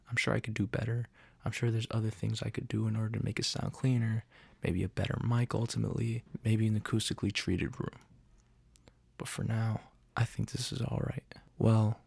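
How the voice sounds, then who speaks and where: A man with a low, gravelly voice hosts a casual gear demo, rambling along with self-deprecating, jokey asides. He is recorded close on a studio condenser mic, and the sound is dry with no room echo. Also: darkish tone. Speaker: channel host. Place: untreated home room. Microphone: studio condenser mic through outboard chain.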